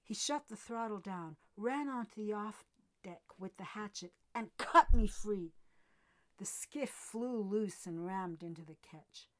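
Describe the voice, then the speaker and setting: A woman giving an expressive first-person reading from a novel, with dramatic rises and drops. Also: mid-range voice, unhurried. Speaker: reader. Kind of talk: scripted narration of a novel.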